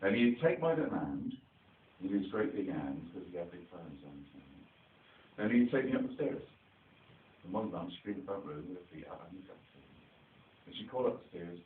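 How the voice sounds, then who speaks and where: Low-voiced man with a rural English dialect, a playful children's theatre entertainer, recorded distant and phone-like. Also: big pitch swings, normal speed, roomy sound, a little hiss or hum. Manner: chatty, playful, quizzes the children. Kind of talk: storytelling to a young audience.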